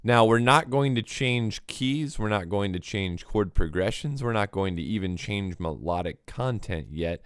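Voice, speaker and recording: A man's voice: fairly low pitch, lively intonation, measured pace, hardly any pauses, clear, resonant tone, dry recording, studio quality. A man hosting a casual livestream music lesson, explaining patiently and mimicking hi-hat rhythms with clipped mouth sounds. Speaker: livestream host.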